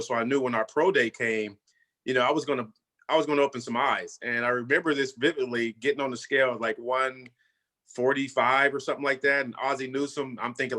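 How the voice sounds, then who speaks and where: A man's voice: mid-range voice, pushed and bright. A man in his fifties, a former football player, telling his story in a casual way and often saying "you know" and "man".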